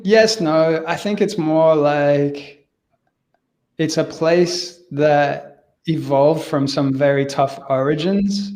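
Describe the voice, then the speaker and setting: An Australian man speaking as a guest on a casual podcast, with a slightly raised pitch. He talks easily, slips in slang, and often laughs between points. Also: darkish tone. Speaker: guest, company founder.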